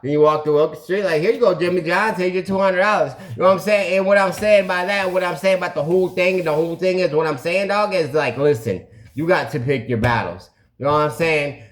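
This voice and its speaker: A fairly high-voiced man talks straight to his camera in a loose, animated storytelling flow. He acts out phone calls, breaks into sound effects and keeps saying "you know what I'm saying.". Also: moderate pace. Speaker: recovery channel host. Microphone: video camera.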